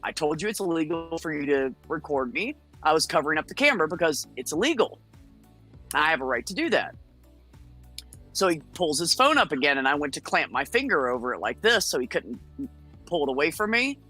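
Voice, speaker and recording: Brash American woman, bright forceful voice, profane storyteller, soft music under. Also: deep voice, brisk, slightly rough. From United States. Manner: blunt, profane, animated storytelling. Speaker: guest. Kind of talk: casual storytelling on a chat show.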